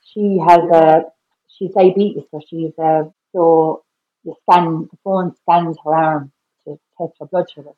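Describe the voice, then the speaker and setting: A middle-aged Irish woman with a slightly low voice tells a painful story as a podcast guest. She keeps repeating herself and acts out each exchange, her voice climbing as she quotes people. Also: steady tone, measured pace, narrow, tinny audio. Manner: repeats "I said" constantly, re-enacts dialogue with rising voice. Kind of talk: emotional personal storytelling.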